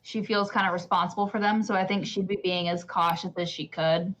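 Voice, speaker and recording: A woman's voice: lowish voice, fairly even intonation, a little fast, fairly bright tone, muffled recording. A woman playing a tabletop game, earnestly explaining what her character would do. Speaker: player. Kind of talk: casual tabletop game chat.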